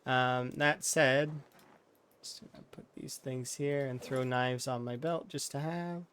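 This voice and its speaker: A man's voice: medium pitch, fairly even intonation, a little slow, a bit bright, a little hiss or hum. A man giving casual, rambling commentary while playing a game, often restarting his words and brushing off complaints. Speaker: streamer.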